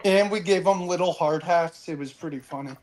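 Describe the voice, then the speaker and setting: A man with a high voice chats on a pop-culture panel, quick to joke. His call audio carries clear background noise and clicks. The talk is casual and loose. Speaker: panel guest.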